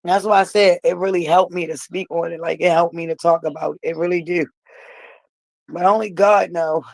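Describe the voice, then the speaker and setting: A woman's voice: on the low side, fairly even intonation, normal speed, creaky, a little mellow, no room sound, rough recording. A woman vlogger telling a personal story straight to her viewers, emphatic and repeating herself for weight.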